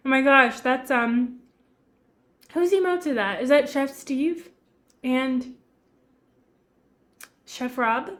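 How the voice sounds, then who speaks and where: A woman's voice: high voice, slow pace, pauses often. A young woman chatting casually with her live-stream chat while cooking in her home kitchen, giggling often.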